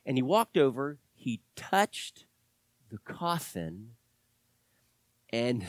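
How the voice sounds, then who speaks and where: Animated preacher with lively, swinging pitch. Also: male voice, drawn-out words, pauses often, no echo. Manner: animated, swings from loud exclamations to hushed, whispered asides. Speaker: pastor. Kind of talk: sermon.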